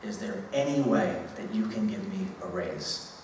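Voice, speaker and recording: A man's voice: medium pitch, huge pitch swings, moderate pace, a little mellow, recorded from a distance, slight background noise, pitched above the performer's own voice. A man voicing a young male Irish employee who wheedles for a raise, in an echoey hall. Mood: pleading.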